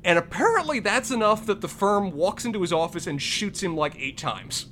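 A man's voice: sits high, lively intonation, moderate pace, a bit bright, slight background noise. A man co-hosting a casual film review podcast, talking in long, detailed run-on points. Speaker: podcast co-host.

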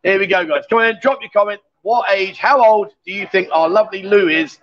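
High-voiced man teasing his guests. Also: a little fast, a bit bright. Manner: teasing, jokey and chatty. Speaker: livestream host. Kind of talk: live bar stream banter. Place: bar. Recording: dull lo-fi stream audio.

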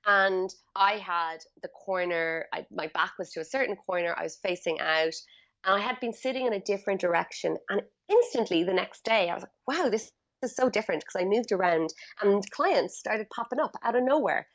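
A woman guest on a podcast interview, explaining feng shui in a chatty, animated storytelling way with many fillers. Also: mid-range voice, normal speed, dull audio.

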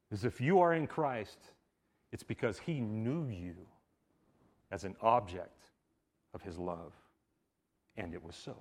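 Pastor guy preaching, super casual, says like a lot, gets loud then drops real quiet, mid pitch. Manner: casual, conversational preaching full of "like"; swings from loud emphatic bursts to hushed, quiet lines. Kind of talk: sermon. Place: church service.

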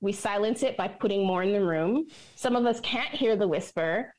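Animated woman telling stories. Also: medium pitch, moderate pace. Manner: animated storyteller, laughs often. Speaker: purpose coach and minister. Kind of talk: podcast interview conversation.

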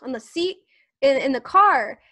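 A woman's voice: sits high, animated, sharp tone, dry recording, studio quality. A young woman co-hosting a podcast in casual chat, giggly and emotional. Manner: giggly and emotional, quick to tear up. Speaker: podcast co-host.

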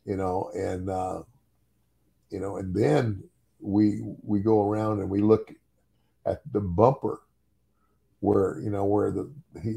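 A man's voice: fairly low pitch, vocal fry, dark tone, slightly rough. An older man and former wrestler telling a story in casual chat, chuckling often and repeating words as he goes.

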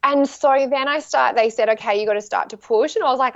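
A woman's voice: fairly high pitch, brisk, vocal fry, no echo. Chatty woman telling a story. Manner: chatty, animated storytelling with acted-out quotes. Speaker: guest sharing a birth story. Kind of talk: casual chat. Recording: dry, slightly dull sound.

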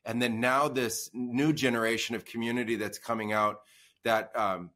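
A man hosting a podcast interview, asking measured questions and offering praise. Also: medium pitch, fairly even intonation, bright, forceful tone. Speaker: podcast host.

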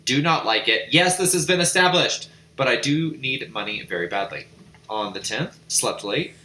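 A man co-hosting a podcast in casual chat, joking and quick to laugh. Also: mid-range voice, lively intonation, pushed and bright, echoey room, slight background noise. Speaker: podcast co-host.

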